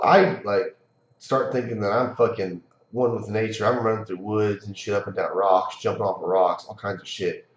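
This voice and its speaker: A man's voice: lowish voice, darkish tone. Podcast guest, male, rambling profane storyteller; roomy, dull recording. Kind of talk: casual storytelling chat. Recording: echoey room, dull lo-fi sound.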